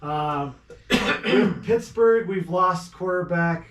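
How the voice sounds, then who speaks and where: A man's voice: high-pitched, a bit bright, distant mic. Joking man in an echoey room. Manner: joking, quick to laugh and swear. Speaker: podcast co-host. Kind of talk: casual sports chat.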